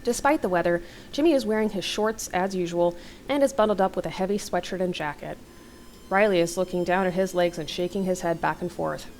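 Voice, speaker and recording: A woman's voice: lowish voice, fairly quick, darkish tone, a little hiss or hum, low-quality recording. A young adult woman reading an interactive horror novel aloud as a let's-play host, with casual, wry asides.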